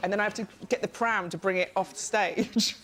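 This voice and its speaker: A woman tells a comic anecdote on a panel show in a TV studio. She rambles in a self-mocking way, her voice sitting at a mid pitch. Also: steady tone, a little fast, a bit bright. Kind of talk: comic storytelling.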